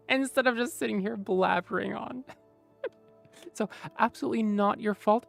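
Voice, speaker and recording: Rambling woman streamer with a gravelly voice. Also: medium pitch, moderate pace, soft background music. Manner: rambling, lots of fillers and mumbling while searching. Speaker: streamer chatting with viewers. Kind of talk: casual stream chat.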